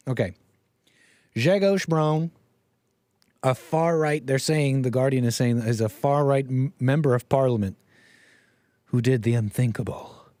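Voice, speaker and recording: A man hosting a live stream in a casual, jokey, animated way, reading out viewer messages and reacting to clips. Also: mid-range voice, dry recording, clean studio sound. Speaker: livestream host.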